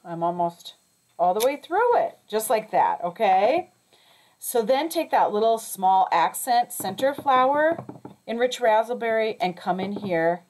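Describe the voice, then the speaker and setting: A woman's voice: mid-range voice, a little mellow. A woman teaching a craft lesson step by step, chatty, often checking in with "okay?" and correcting herself as she goes. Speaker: crafting instructor.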